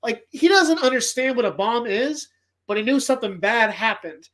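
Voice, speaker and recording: A man hosting a casual movie podcast, retelling film scenes with animated, profane, emotional enthusiasm. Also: very high voice, moderate pace. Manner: emotional, choked up at times. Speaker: podcast host.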